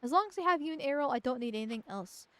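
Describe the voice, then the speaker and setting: A woman reading out a letter as a gentle, loving old grandmother writing to her grandson, soft and caring. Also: high-pitched, animated, rapid-fire, background noise. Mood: tender.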